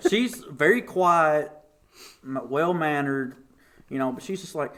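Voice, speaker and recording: Lively man telling a story. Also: measured pace. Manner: animated, acts out quotes with big pitch jumps. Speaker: podcast guest. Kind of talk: casual storytelling.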